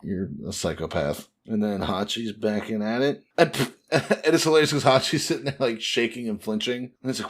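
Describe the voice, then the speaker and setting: A man with a somewhat low voice chatting on a podcast. He recaps a comic in a loose, profane way, jumping into quick impressions of the characters as he goes. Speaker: podcast co-host.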